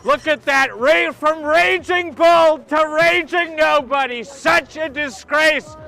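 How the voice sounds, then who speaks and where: A man's voice: very high voice, takes it slowly, gravelly, pushed and bright, heavily acted. A man impersonating a brash, boastful older male politician on the street, hurling taunting, repetitive insults. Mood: mocking.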